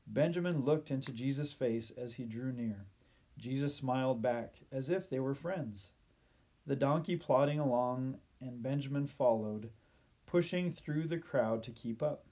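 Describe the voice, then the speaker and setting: Husky male storybook narrator. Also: mid-range voice, fairly even intonation, measured pace, warm tone.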